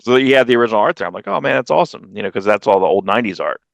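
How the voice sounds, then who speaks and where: Low-voiced guy rambling thru a con story on a podcast, jumps way up when quoting people, dry sound. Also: expressive, rapid-fire, gravelly, no room sound, dull audio. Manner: rambling storyteller, acts out quotes with sudden jumps in pitch. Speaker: podcast co-host. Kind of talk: casual chat.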